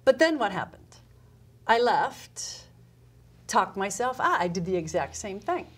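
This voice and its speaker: A woman's voice: medium pitch, very animated, unhurried, slightly rough. A middle-aged woman, a guest speaker in a casual interview, telling her story with animation and acting out her own past dialogue. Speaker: guest, customer service speaker.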